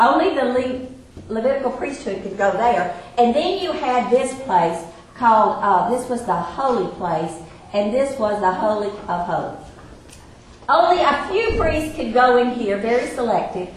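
A woman preaching an expository sermon, emphatic and slowing down on key phrases. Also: fairly high pitch, a little hiss or hum. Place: church or classroom with a board. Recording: echoey room with faint ambience.

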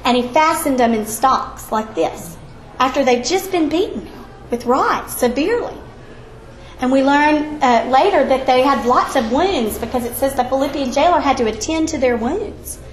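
Woman, high voice, lively Bible-study teacher, echoey church room, faint noise. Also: moderate pace. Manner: animated storytelling, acts out quoted voices. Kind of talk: Bible lesson and closing prayer.

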